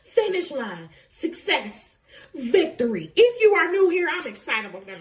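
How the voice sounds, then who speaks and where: A woman's voice: high voice, sing-song, unhurried. A woman getting over a cold, giving an emotional, effusive tarot reading to camera and laughing often. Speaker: tarot reader.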